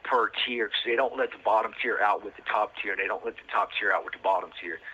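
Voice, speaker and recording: A man's voice: on the low side, bright, forceful tone, breathy edge. A man telling a rambling story with lots of fillers and street slang, recorded over a prison phone line. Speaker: podcast host telling his own story.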